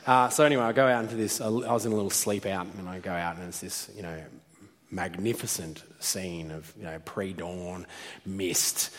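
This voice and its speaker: Man, lowish voice, playful live storyteller, hall reverb. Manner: animated, self-mocking, laughs often. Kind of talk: live storytelling talk to an audience.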